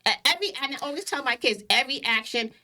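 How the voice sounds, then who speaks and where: A middle-aged woman co-hosts a casual podcast and speaks bluntly, with strong emphasis. Her voice sits a little high and sounds bright and forceful. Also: rapid-fire. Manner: emphatic, blunt, animated storytelling. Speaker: podcast co-host.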